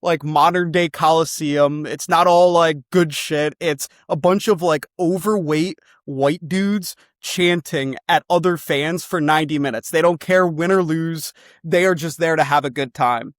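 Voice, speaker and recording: A young man with a slightly raised voice pitches a football club like a rowdy salesman, rambling and swearing as he goes. His voice sits close and dry, with no room sound around it. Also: a little slow, dry recording. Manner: excitable, rambling, swears freely.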